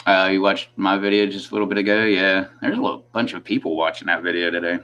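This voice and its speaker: Male livestream host, low voice, rambling casual chat, laughs often. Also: steady tone, quick pace, fairly bright tone, lo-fi sound. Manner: rambling, laughs between sentences.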